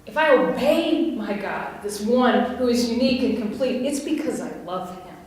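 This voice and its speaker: Preaching to her congregation, this West Virginian woman is animated and conversational, with a fairly high voice and a moderate pace; she laughs and poses questions to the people listening. She's captured from far off in the sanctuary, where a long echo trails each phrase.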